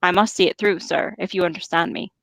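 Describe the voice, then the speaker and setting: Lady doing an earnest hobbit servant guy, rustic accent put on, slow and humble. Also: lowish voice, fairly even intonation, fairly bright tone, dry recording, poor audio. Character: earnest loyal young male hobbit servant.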